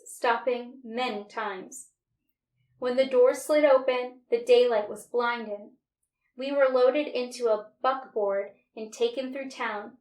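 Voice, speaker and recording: A woman reading a storybook aloud with an expressive, dramatic delivery. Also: fairly high pitch. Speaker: storybook reader. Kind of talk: read-aloud storybook narration. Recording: roomy, distant mic.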